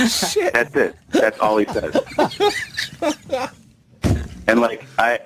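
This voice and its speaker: A man with a low voice tells a story as a guest comedian, and his pitch swings widely as he acts out each line of dialogue. He is animated and swears freely, laughing as he goes. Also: a little hiss or hum, low-quality recording. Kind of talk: storytelling anecdote on a talk show.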